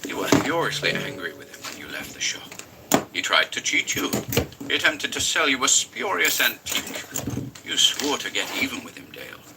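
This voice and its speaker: A man voicing a shrill little demon familiar. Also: sing-song, moderate pace, very noisy. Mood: coaxing. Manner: shrill, wheedling. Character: sly little demon familiar, cold and coaxing.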